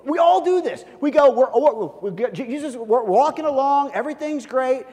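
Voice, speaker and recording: A man preaching a sermon as pastor, acting out little scenes and swinging from loud, lively bursts to quiet, hushed asides. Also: very high voice, normal speed, hardly any pauses, in a large hall. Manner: animated, acts out scenes with big swings in loudness.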